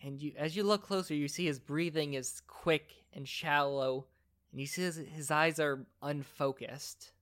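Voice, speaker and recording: A man narrating as game master of a tabletop game, in a relaxed, conversational way with fillers. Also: fairly high pitch, measured pace.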